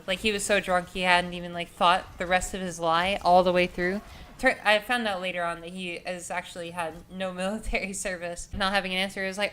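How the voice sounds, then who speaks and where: A woman's voice: lowish voice, little pitch movement, brisk, fairly bright tone. Young woman rambling thru a wild story, swears a lot, lots of like and you know, faint hiss behind. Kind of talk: casual storytelling vlog.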